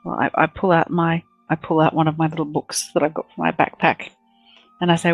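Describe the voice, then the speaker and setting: A woman's voice: low-pitched, flat delivery, fairly quick, no room sound, soft background music, rough recording. A woman playing a character in a tabletop game, speaking in a polite, slightly formal way. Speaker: player.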